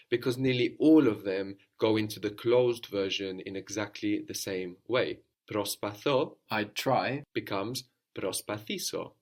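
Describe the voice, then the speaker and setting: A man teaching an audio language lesson, patiently prompting a student and repeating the answers back. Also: lowish voice.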